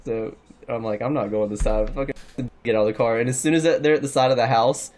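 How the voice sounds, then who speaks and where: A man's voice: medium pitch, steady tone, fast talker, a little mellow. A young man telling a long story in casual chat, rambling, laughing and swearing a lot.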